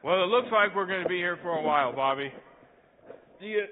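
Man acting as a patient young preacher in pain, lively high voice, thin lo-fi recording. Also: brisk, a little hiss or hum. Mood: gentle. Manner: pained, gentle and patient. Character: young male pastor, injured and patient. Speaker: pastor. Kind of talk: church cantata drama. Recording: tinny lo-fi recording.

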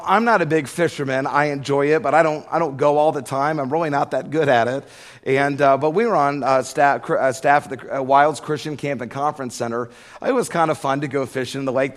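A middle-aged man preaching a sermon, telling a humorous story in an animated way before building to loud preaching. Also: fairly high pitch. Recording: echoey hall with long reverb.

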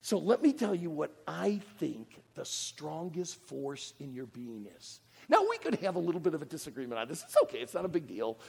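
Animated, gravelly preacher. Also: male voice, on the high side, moderate pace, hardly any pauses, long reverb tail. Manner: animated, folksy, pulls the crowd into call-and-response. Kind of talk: sermon. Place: church auditorium.

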